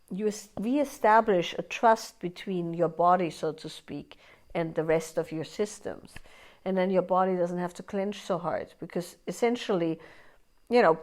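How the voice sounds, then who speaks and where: A woman's voice: on the low side, darkish tone. A woman teaching a live workshop in a conversational way, often checking in with "right?" and acting out inner voices in quoted asides. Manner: conversational, keeps asking "right?".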